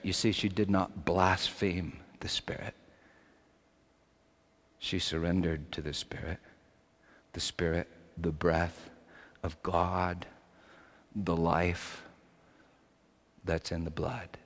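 A man delivers an impassioned sermon in a slightly low voice. He drops to hushed tones and then builds toward fervent, raised passages. The sound carries a long reverb, as if he is recorded in a large church hall. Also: level tone, slow, long pauses. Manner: impassioned, swings from hushed to shouting. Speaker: preacher.

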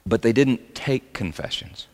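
A man preaching a sermon as pastor, swinging between loud emphatic lines and quiet asides. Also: medium pitch, expressive, unhurried, long reverb tail.

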